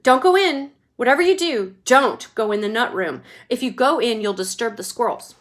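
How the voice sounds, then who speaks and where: An eccentric, excitable male candy maker who rushes everyone along. He talks briskly and theatrically, with a lively, bouncy delivery, as a woman reading a storybook does his voice. Impatient but delighted with his own marvels. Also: fairly high pitch, close to an everyday voice. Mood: explaining.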